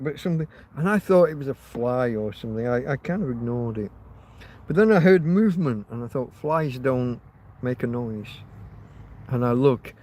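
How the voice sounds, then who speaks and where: A man's voice: on the high side, darkish tone. A man hosting a casual livestream, rambling and chatting to his viewers with frequent restarts. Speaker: livestream host.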